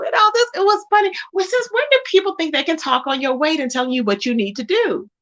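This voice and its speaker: A woman with a high, bright voice that has some edge to it, running a casual gossip livestream. She talks in a chatty, sassy way and greets viewers in the chat by name. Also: sing-song, a little fast. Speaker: livestream host.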